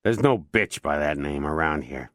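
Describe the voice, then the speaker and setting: A man's voice: extremely low pitch, lively intonation, normal speed, no echo, clean studio sound. A male narrator voicing a sleepy man who grunts angrily on the phone. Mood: angry. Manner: gruff, grunting. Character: sleepy, angry man woken by a call.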